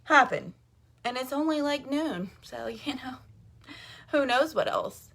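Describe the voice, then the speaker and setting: A woman's voice: high-pitched, expressive, a little slow, a bit bright. A woman, chatting casually to camera at home as a mother vlogging, laughing and full of "like". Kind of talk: casual vlog chat to camera. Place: at home, indoors.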